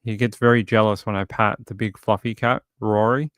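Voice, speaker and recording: Soft-spoken Australian man with a low voice. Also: little pitch movement, moderate pace, dry recording, clean studio sound. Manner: soft, chatty and rambling, coos at his cat. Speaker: true crime streamer. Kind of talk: casual chat during a livestream. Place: home, indoors. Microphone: desk microphone.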